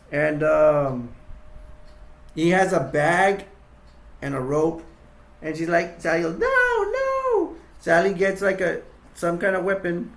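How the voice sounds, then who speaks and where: A man's voice: fairly high pitch, creaky, reverberant. Rambling man retelling a horror film. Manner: rambling, restarts, acts quotes in raised voice. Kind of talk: casual acted-out retelling with toys.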